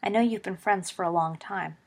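An earnest teenage boy talks softly and carefully, read by a woman in her own voice. His speech is hushed and low in level, sincere rather than showy. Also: fairly quick, lightly acted.

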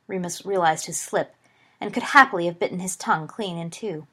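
A woman narrating a story aloud in a calm, even reading style. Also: fairly low pitch, a little fast, breathy edge. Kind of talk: audiobook reading of fan fiction.

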